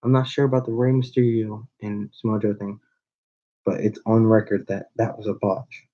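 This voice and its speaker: A man's voice: lowish voice, level tone, normal speed, dark tone. Man ranting confrontationally, lo-fi. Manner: confrontational, rambling with restarts. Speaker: owner of a small wrestling channel. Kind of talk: call-out video rant. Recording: dull lo-fi recording.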